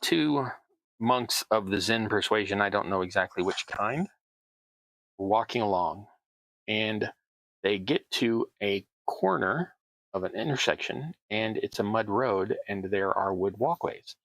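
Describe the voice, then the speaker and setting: A man's voice: lowish voice, expressive, a little slow, fairly bright tone, dry recording, low-quality recording. A middle-aged man with a Southern American accent chatting casually through a hobby crafting tutorial, rambling with self-deprecating asides. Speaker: host, terrain crafter.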